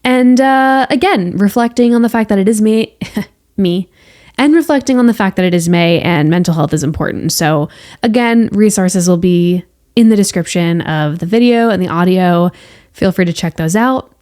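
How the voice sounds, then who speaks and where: A woman hosts her own podcast in a loose, chatty monologue, and her voice sits at an ordinary middle pitch. She keeps things playful and reassuring, like someone used to calming patients. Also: moderate pace. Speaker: podcast host; healthcare worker with patients. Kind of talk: casual solo podcast monologue.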